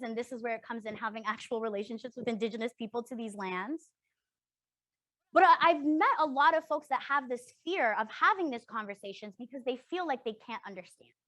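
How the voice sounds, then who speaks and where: A woman's voice: on the high side, a bit bright, no room sound. Earnest young woman leading a workshop. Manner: earnest, emphatic, often checks in with "right?". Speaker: workshop facilitator. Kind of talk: interactive workshop talk.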